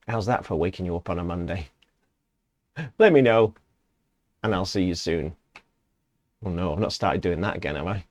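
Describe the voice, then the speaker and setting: An enthusiastic man gives a loose, rambling music review, chuckling between thoughts. His voice sits low, and the recording is dry and close with no room sound. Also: dry recording. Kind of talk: casual reaction commentary.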